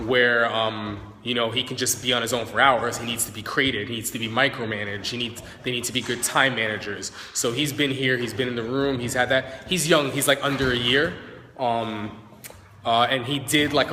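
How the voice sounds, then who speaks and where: A man's voice: mid-range voice, sharp tone, a little hiss or hum. A man, a dog trainer, talking casually on a live stream, chatty and often asking "right?" while working with dogs. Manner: chatty, talks to viewers and dogs, frequent "right?" and "like". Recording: echoey room with long reverb.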